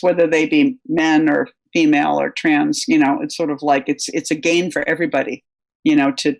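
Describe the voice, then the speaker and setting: Gravelly-voiced older woman telling stories. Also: sits low. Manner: anecdotal, rambling, many fillers. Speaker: guest writer. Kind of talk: conversational interview answers.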